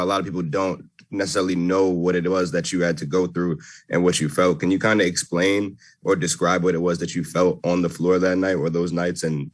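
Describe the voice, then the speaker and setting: A man's voice: sits low, dry recording, studio quality. A male newspaper reporter on a video call, asking a friendly, slightly hesitant question.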